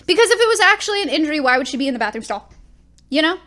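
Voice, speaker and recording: A woman's voice: high voice, big pitch swings, very fast, fairly bright tone. A young woman streamer telling rambling, self-deprecating stories in a casual chat.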